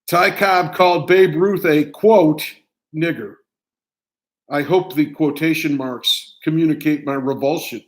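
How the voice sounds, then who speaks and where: Older American man, somewhat high voice, reads his own essay in clipped, deliberate phrases. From United States. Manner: measured, declamatory reading in short phrases. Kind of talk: reading a personal essay aloud.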